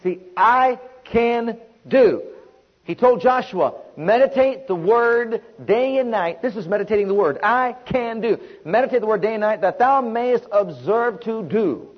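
Male preacher, high husky voice, emphatic call-and-response sermon, muffled lo-fi recording. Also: lively intonation, normal speed, hardly any pauses.

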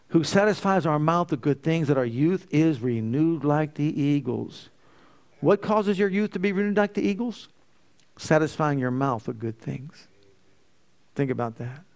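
Man, preacher, emphatic sermon delivery, call-and-response, somewhat high-pitched. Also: darkish tone.

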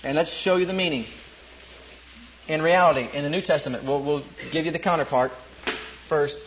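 A man preaching a sermon and reading scripture, stressing and repeating key words and dropping into quieter asides. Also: a little fast, lo-fi sound, slight background noise. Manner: emphatic, repeats words, swings from low asides to loud stressed lines.

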